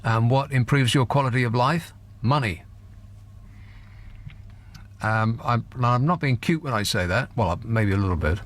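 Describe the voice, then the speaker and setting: A man hosts a radio phone-in with dry, sardonic humour. His voice sits at an ordinary middle pitch, and he pushes back on a caller with teasing impatience. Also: a little slow, long pauses.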